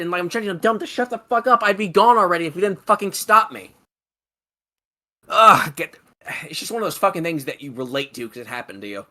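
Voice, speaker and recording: A man's voice: high voice, expressive, brisk, sharp tone. A man co-hosting a stream, giving strong opinions and swearing freely while talking about a video game. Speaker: stream moderator and co-host.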